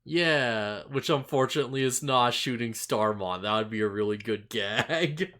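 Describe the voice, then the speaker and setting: A man co-hosting a casual anime recap podcast, chatty, full of "like" and quick laughs. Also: mid-range voice. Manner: laughs often, filler-heavy, animated retelling. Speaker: podcast co-host.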